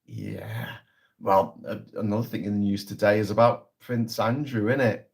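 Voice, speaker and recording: A man's voice: fairly low pitch, steady tone, normal speed, creaky, darkish tone. Sarcastic, sweary man. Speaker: political livestream host. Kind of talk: casual political commentary livestream.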